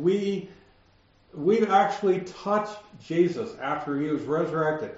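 A man teaching the Bible verse by verse, explaining the text and slowing down to stress key words. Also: on the high side, darkish tone. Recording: roomy, slightly dull recording.

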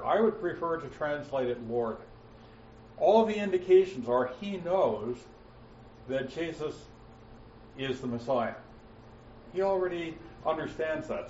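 A man teaching verse by verse through a Bible passage, with frequent "uh" fillers and slowing down to stress quoted words. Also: mid-range voice, a little mellow, a little hiss or hum. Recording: roomy, muffled, mic at a distance.

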